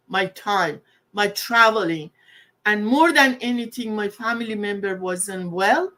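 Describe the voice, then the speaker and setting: A woman's voice: medium pitch, fairly bright tone. A woman around sixty, a guest telling her own story in earnest, heartfelt, plainspoken words with non-native English phrasing. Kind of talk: personal testimony.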